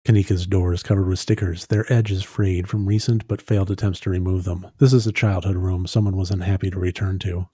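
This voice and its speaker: A man hosting a let's play, reading the game text aloud with low-key asides. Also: flat delivery, fairly quick, hardly any pauses, warm tone, husky, no echo. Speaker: gaming host. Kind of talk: let's play narration and commentary.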